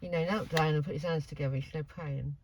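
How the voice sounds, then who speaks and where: A woman with a Norfolk accent, working as a spirit medium, chatting in a gentle, soothing way as she talks to a spirit. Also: sits low, steady tone, quick pace, noisy background. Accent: Norfolk English. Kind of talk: casual paranormal investigation chat. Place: indoors in a pub.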